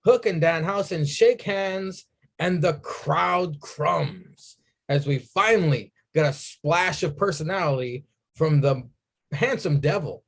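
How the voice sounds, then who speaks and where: A man recapping wrestling on a casual podcast. He talks slowly and fills gaps with "uh". His voice sits a little higher than most men's. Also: creaky. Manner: unhurried, filler-heavy recap with dry asides. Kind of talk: casual chat.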